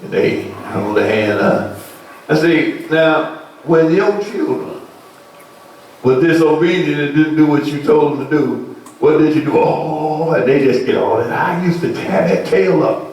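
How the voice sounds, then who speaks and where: A male pastor preaching a sermon, asking the congregation questions and rising to shouted peaks. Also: fairly high pitch, unhurried, slight background noise. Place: church sanctuary. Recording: echoey church sound from far off.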